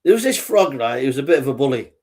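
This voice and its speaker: A man's voice: mid-range voice, sing-song, fast, darkish tone. A man telling jokes in a rambling way as a podcast host, laughing at his own punchlines. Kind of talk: joke telling.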